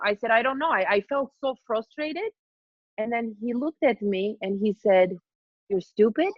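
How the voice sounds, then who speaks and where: A middle-aged woman, a podcast guest telling a personal story in a lively, laughing way, often repeating and restarting her words. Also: mid-range voice, no room sound, lo-fi sound. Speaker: master trainer, podcast guest. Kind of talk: casual storytelling chat.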